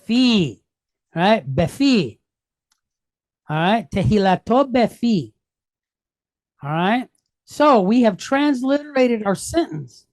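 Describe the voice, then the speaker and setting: A woman's voice: a little high, very animated, slow pace, pauses often, a little mellow, dry recording. A woman teaching a Hebrew lesson, going patiently step by step and asking questions that she then answers herself. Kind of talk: classroom lesson.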